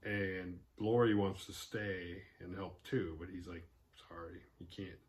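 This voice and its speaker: A man with a lowish voice recaps a horror movie in loose, casual vlog talk. He swears freely and keeps slipping into quick jokey impressions of the characters. His delivery is offhand and sardonic. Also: fairly even intonation, a little hiss or hum. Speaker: horror movie review vlogger.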